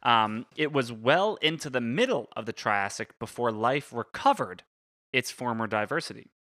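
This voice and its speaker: A man's voice: medium pitch, animated, normal speed, pushed and bright, no echo, clean studio sound. A man co-hosting a podcast, walking through a topic in casual chat and often stopping to correct his pronunciation of big words. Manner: explains step by step, stumbles over and corrects big words. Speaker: podcast co-host presenting the topic.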